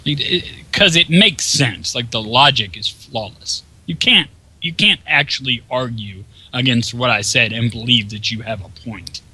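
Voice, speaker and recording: A man's voice: medium pitch, unhurried, pushed and bright, slightly rough, rough recording. A man giving casual gameplay commentary, ranting in a profane, exasperated way.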